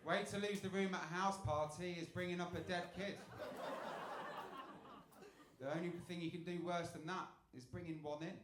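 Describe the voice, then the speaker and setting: A man doing a stand-up set on a club stage into a handheld mic, telling dark jokes deadpan, dropping low for setups and getting loud on punchlines. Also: normal speed, long pauses. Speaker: stand-up comedian. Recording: echoey club with room noise.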